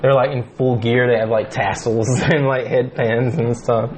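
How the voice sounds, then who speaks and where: On dull, lo-fi podcast audio with faint background noise, a male co-host talks at normal speed in a medium-pitched, darkish voice with fairly even intonation. The chat is casual and he's silly and jokey, dropping into playful voices when quoting.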